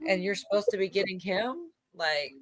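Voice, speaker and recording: A woman's voice: mid-range voice, expressive, normal speed, no echo. A woman hosting a livestream in casual chat, rambling with many fillers and laughing often as she talks. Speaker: livestream host.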